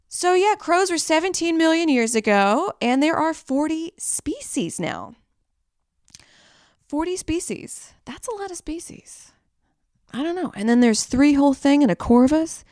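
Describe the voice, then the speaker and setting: A woman's voice: on the high side, a little mellow, dry recording, studio quality. A woman co-hosting a podcast in casual, rambling chat, laughing often and swearing easily. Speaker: podcast co-host.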